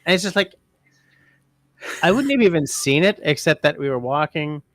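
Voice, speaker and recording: A man's voice: fairly high pitch, expressive, normal speed, fairly bright tone, no echo. A man co-hosting a casual livestream, telling rambling anecdotes. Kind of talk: casual chat.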